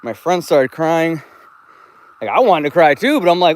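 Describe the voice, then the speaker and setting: A man's voice: on the high side, expressive, normal speed, long pauses. A man live streaming from his phone while walking outdoors, talking in a laid-back, rambling way and swearing freely. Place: outdoors, walking through a park and woods.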